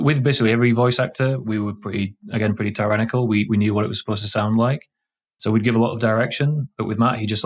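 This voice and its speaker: A man's voice: on the low side, husky. A man with a Yorkshire accent, a game developer guest in a casual podcast chat, thinking aloud and restarting his sentences often. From Yorkshire, England. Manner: thoughtful, halting with many restarts.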